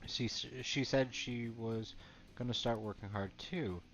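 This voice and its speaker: A man's voice: mid-range voice, measured pace, lightly acted. A man reading the lines of a cheerful teenage girl model aloud from a game, in his own plain voice. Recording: dull lo-fi, faint game music.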